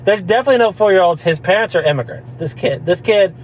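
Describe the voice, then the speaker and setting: A man, somewhat high-pitched for a man, tells a rambling story in easy podcast chat, laughs as he goes and drops into quick mock voices of the people in it. A faint hum sits behind him in the room. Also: animated, rough recording. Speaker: podcast co-host. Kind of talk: casual chat.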